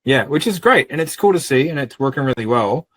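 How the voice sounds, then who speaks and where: Man, middle-aged, blunt, profane, animated storyteller, mid pitch, dry close sound. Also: a little fast, breathy edge, dry recording, poor audio. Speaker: business owner guest. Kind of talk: casual podcast chat.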